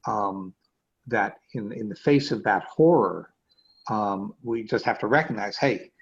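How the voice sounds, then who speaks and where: A man teaching as a rabbi in an easygoing lecture, pausing often with fillers and restarting his phrases. His voice is somewhat husky. The video call audio comes through dull and lo-fi. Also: lowish voice. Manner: hesitant, many fillers and restarts. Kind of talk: conversational lecture.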